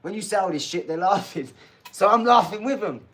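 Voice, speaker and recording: A man's voice: sits high, lively intonation, a little fast, fairly bright tone. A man in his forties with a slightly raised voice. He talks bluntly and emphatically to his livestream chat, swearing freely and laughing often as he answers viewers' comments. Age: 40s.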